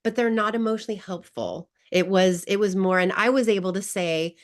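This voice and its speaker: A woman's voice: mid-range voice, fairly quick. A woman guest coach who tells a personal story in an online wellness class, emotional and laughing often. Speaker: grief recovery guest coach.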